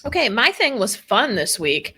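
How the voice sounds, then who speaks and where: A woman co-hosting a podcast in casual chat, earnest and a bit halting as she talks. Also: on the high side, sing-song, sharp tone, husky. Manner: earnest, with filler words and restarts. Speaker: podcast co-host.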